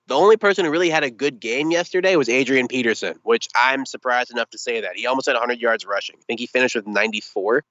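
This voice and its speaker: A young man talks sports in a loose, animated way, piling up comic exasperation as he tells the story. His voice is bright and forceful. It comes through slightly dull, with a dry, close sound. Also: medium pitch, no room sound. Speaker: podcast guest, sports commentator. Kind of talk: casual sports chat.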